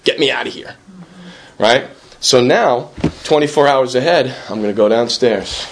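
There's a little hiss or hum as a mid-range male voice speaks at normal speed. He's a recovering alcoholic talking about his recovery at a meeting: earnest, self-deprecating, conversational and repetitive, repeatedly asking "right?".

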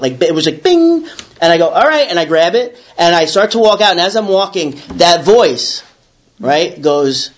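With a high voice at a normal speed, a man from New York's Bronx shares a personal story with a small audience. He's animated, voicing the thoughts in his head as characters.

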